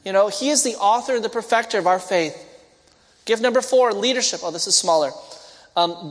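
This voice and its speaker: A man preaching a sermon, telling stories and acting out the voices of the people in them. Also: high voice. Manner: storytelling, acts out quoted voices. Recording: long hall reverb.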